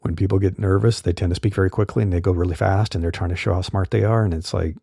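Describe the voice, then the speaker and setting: A middle-aged man hosting a podcast, talking casually and relaxed, with fillers, on a studio condenser mic. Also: low-pitched, quick pace, creaky, few pauses, husky, no room sound. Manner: relaxed, chatty, with fillers and laughs. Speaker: podcast host. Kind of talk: casual solo podcast talk.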